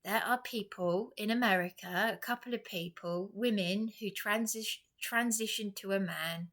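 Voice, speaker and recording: A woman's voice: mid-range voice, normal speed, fairly bright tone. An upset English woman speaking straight to camera in a rambling, impassioned personal vlog. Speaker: vlogger.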